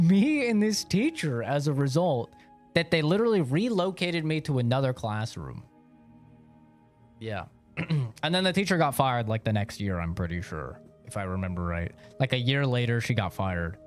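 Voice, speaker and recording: Laid-back swearing young streamer. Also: male voice, medium pitch. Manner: laid-back, swears freely, laughs while telling. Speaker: gaming streamer. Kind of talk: casual storytelling on a live stream.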